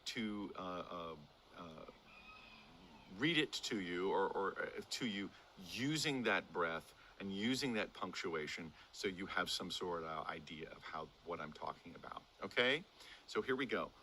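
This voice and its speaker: Animated older man teaching verse speaking. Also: measured pace, a little hiss or hum. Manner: animated, demonstrative, swinging pitch for emphasis. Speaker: acting teacher.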